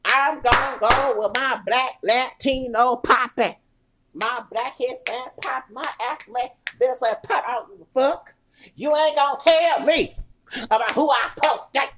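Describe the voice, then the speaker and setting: A woman voicing a rebellious young woman who loudly defies her parents, brash and swearing. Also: sits high, normal speed, slight background noise, pitched above the performer's own voice. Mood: defiant. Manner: loud, brash and defiant, swearing.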